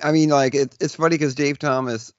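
A man's voice: fairly high pitch, steady tone, a little fast, no room sound. A man co-hosting a casual podcast chat in a laid-back, offhand manner. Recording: dry, dull lo-fi recording.

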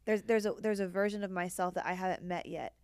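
A woman's voice: lowish voice, steady tone, fast, a little mellow, clear, resonant tone, no room sound, studio quality. A woman co-hosting a casual podcast chat. She talks candidly, swears freely and acts out quoted dialogue. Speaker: podcast co-host.

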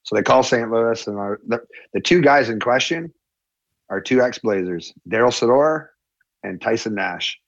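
A former hockey player telling a story in a casual chat, acting out the quotes with a raised voice. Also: male voice, mid-range voice, normal speed, vocal fry, no room sound, muffled recording. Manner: animated, acts out quotes with a raised voice.

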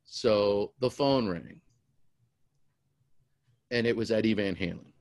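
Storyteller, middle-aged man, animated and rambling, dry close sound. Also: on the low side, takes it slowly, no echo. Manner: animated, rambling, repeats words. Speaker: storyteller guest. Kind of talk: casual storytelling.

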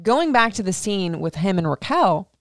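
A woman podcast host giving a casual, animated recap rant about a reality show. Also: medium pitch, moderate pace, no room sound, clean studio sound. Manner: animated, indignant, swearing.

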